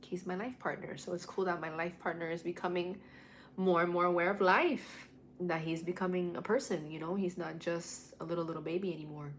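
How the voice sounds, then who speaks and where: Lowish-voiced woman chatting on a livestream. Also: steady tone, brisk, slight background noise. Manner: mixes english and spanish, swears freely, candid. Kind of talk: casual livestream chat. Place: home at night.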